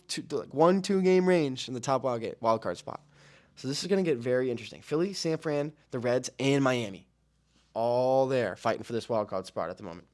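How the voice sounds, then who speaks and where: A young man hosting a sports podcast, talking casually and excitedly about baseball, rambling and repeating phrases as he goes. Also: mid-range voice, brisk.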